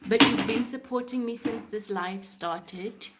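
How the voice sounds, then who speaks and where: Slow-talking woman chatting on a live stream. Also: a little high, heavy background noise. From Port Elizabeth, South Africa. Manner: chatty, reads and answers viewer comments. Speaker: livestreamer. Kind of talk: casual live-stream chat while cleaning.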